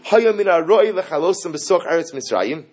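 A man giving a lively Torah class, asking rhetorical questions and mixing in Hebrew terms. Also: a little high, moderate pace, husky. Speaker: rabbi teaching Torah.

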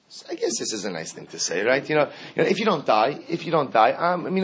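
A man teaching a Talmud class, animated, acting out the quoted speakers as he explains each case. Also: a little high, quick pace, husky. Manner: animated, acts out quoted speakers, mixes Aramaic terms into English.

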